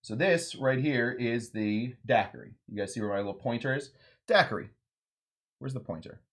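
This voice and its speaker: A man's voice: mid-range voice, expressive, moderate pace, a bit bright. A man hosting a cocktail lesson tells drink history in a loose, rambling way. He jokes as he goes and keeps slipping into goofy voices for the characters in his anecdotes. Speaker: cocktail show host. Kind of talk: casual storytelling lesson.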